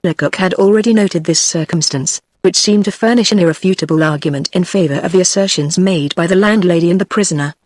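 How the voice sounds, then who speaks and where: A text-to-speech woman's voice with a British accent, narrating a classic novel in an even synthetic way. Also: on the low side, fast talker, few pauses, dry recording. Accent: British English. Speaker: audiobook narrator. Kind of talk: text-to-speech book reading.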